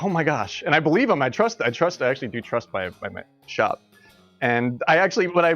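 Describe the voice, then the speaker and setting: A man's voice: fairly high pitch, a bit bright, muffled recording. A man live-streaming, telling a story in a loose, rambling way with frequent laughs and restarts. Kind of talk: casual storytelling on a livestream.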